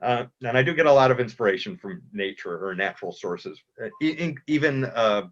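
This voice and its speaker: A man's voice: medium pitch, animated, brisk, muffled recording. A man chatting casually as a cartoonist guest in an interview, self-deprecating and restarting his sentences often.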